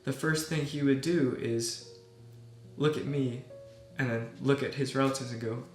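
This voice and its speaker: A young man, a medical student, earnestly telling a personal story in a soft voice that often trails off quietly. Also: mid-range voice, steady tone, moderate pace. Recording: echoey room with soft guitar music.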